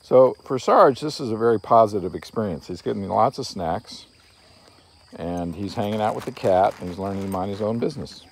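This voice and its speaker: A man, a dog trainer, calmly explaining a training session and breaking into coaxing calls to his dog. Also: on the low side, brisk, creaky, slight background noise.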